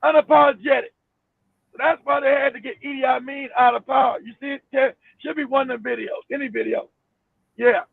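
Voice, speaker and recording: Gravelly-voiced man ranting over a tinny line. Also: very high voice, a little fast, dry recording. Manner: loud, animated, profane ranting. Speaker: co-host. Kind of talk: casual chat.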